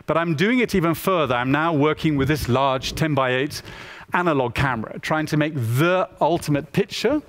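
A man gives a lively storytelling talk and slips into voices for the people he quotes. His voice sits a little higher than most men's. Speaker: photographer giving a talk.

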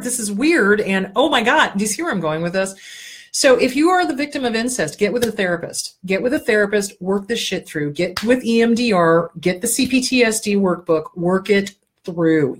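A middle-aged woman, a therapist hosting a talk show, giving blunt, animated advice with lots of swearing. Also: mid-range voice. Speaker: therapist host.

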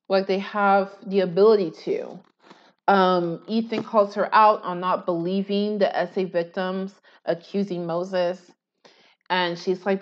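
A woman's voice: mid-range voice, a little slow. Woman host, sarcastic reaction commentary, slightly dull lo-fi sound. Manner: sarcastic, animated retelling with mocking quotes. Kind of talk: casual commentary reacting to a video.

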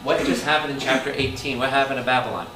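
Male priest, Bible study teacher, animated, keeps questioning listeners, roomy echo, distant mic, noisy background. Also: mid-range voice, quick pace. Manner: animated, quizzes the audience with constant questions, bursts into loud exclamations. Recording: echoey room, distant mic, audible background noise.

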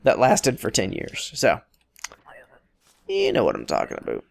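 A man's voice: fairly low pitch, wildly swooping pitch, unhurried, creaky, no room sound. A man casually commenting on his own gameplay, rambling and joking as he talks to the characters on screen. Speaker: let's play host.

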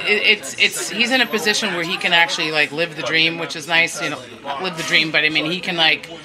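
A man's voice: fairly high pitch, fairly quick, low-quality recording. A man, chatting casually on a live bar podcast, rambling with lots of fillers and some swearing. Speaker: co-host, former band singer. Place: crowded bar, live show. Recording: live bar with loud crowd.

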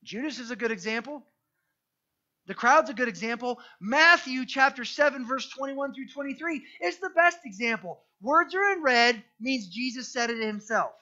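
A man preaching a sermon as pastor, telling the story in a lively, conversational and jokey way, often restarting his sentences. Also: very high-pitched, moderate pace, muffled recording. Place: church.

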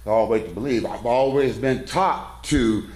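With a medium-pitched, slightly mellow voice and a measured pace, a middle-aged coach chats casually before a men's conference in a church. He rambles through a folksy tale at his own expense, and the hall echoes around him.

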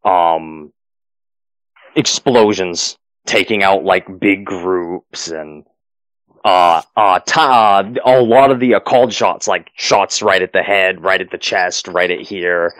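A man's voice: sits low, slow, a bit bright, dry recording, rough recording. A man running a tabletop game as game master, narrating the finale and then chatting loosely with many fillers and restarts.

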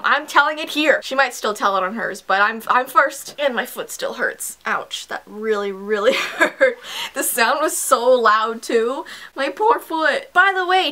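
A woman's voice: a little high, bright, forceful tone. A young woman from Canada telling a chatty, dramatic story time to camera at home. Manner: chatty, dramatic, playful asides. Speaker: vlogger. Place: home, indoors.

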